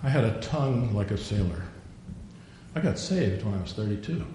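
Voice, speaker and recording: A man's voice: expressive, moderate pace, mellow. An older man preaching a sermon, a digressive storyteller who acts out the quotes he tells. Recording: very echoey room, faint rumble.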